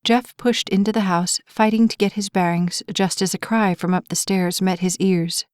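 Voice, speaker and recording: A woman narrating a romance novel as an audiobook, telling the story in an even, clear way. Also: mid-range voice, normal speed, dry recording, clean studio sound.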